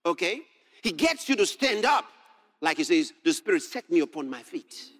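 A man preaching a sermon, moving from soft asides to shouted scripture readings and laughing as he reads. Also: sits high, big pitch swings, normal speed.

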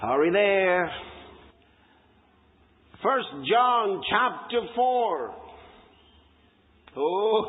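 A man preaching a sermon, emphatic, repeating words and shouting for stress. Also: sits high, sing-song, takes it slowly, long pauses. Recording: echoey hall, tinny lo-fi sound.

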